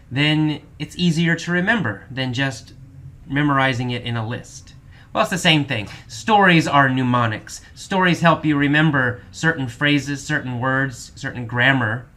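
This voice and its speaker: A man teaching English vocabulary, explaining each word slowly and patiently, repeating definitions with an occasional filler. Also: medium pitch, pushed and bright. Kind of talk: vocabulary lesson explaining words.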